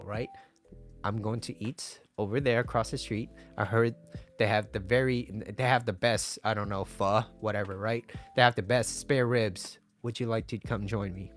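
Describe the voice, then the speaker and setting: A man gives dating advice in a loose, conversational way, tossing in "right?" as he goes. His voice sits at an ordinary middle pitch. Faint music plays underneath. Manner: chatty, conversational, often asks "right?". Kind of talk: casual advice talk to viewers.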